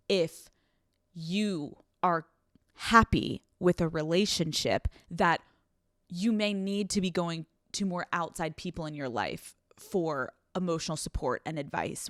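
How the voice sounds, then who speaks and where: A woman hosting a podcast, giving casual relationship advice in a blunt, profane and animated way, running on no sleep. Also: low-pitched, no echo, studio quality. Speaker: podcast host.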